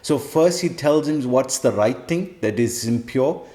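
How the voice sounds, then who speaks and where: A man's voice: mid-range voice, lively intonation, measured pace, warm tone. A man giving a sermon to devotees, emphatic and repeating key phrases. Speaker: spiritual teacher. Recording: roomy echo.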